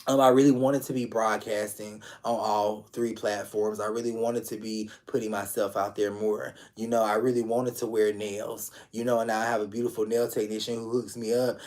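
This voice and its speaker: A man's voice: lowish voice, flat delivery, moderate pace, hardly any pauses, darkish tone. A man giving live-streamed tarot readings in a casual, affectionate way, talking straight to viewers, repeating phrases and swearing freely. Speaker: tarot reader.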